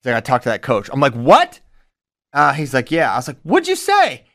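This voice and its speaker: A man's voice: mid-range voice, racing, vocal fry. A man co-hosting a podcast, a wrestling coach, chatting casually and acting out quotes while he tells stories. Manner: animated storytelling, acts out quotes. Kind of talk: casual chat.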